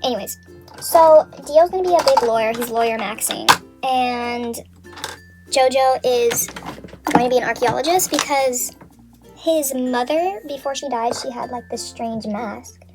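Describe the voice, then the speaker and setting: A woman's voice: on the high side, measured pace, music in the background. A young woman vlogger casually retelling a story from memory while getting ready, rambling, swearing a lot and saying "like" constantly.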